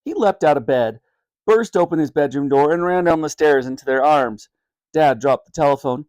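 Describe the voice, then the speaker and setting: A man reading a children's book aloud as a storyteller, animated and expressive. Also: fairly high pitch, moderate pace, no room sound.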